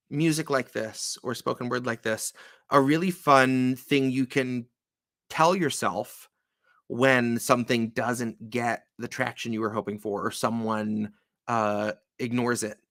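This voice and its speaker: A man's voice: medium pitch, fairly even intonation, takes it slowly, fairly bright tone, dry recording, studio quality. A man co-hosting a casual chat, laid-back and self-mocking, with many fillers. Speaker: musician co-host.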